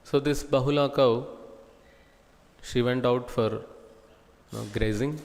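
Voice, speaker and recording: Indian English man, deliberate storytelling preacher, middle pitch, long temple-hall reverb. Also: steady tone, a little mellow. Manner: slow, deliberate, with lists and pauses. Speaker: devotional speaker. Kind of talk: scripture class storytelling.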